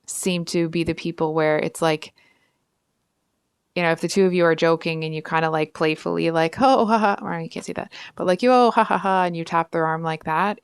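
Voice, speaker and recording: A woman's voice: low-pitched, clean tone, dry recording, studio quality. A woman giving a casual, frank tarot reading straight to her viewers, chatty and full of asides. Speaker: tarot reader.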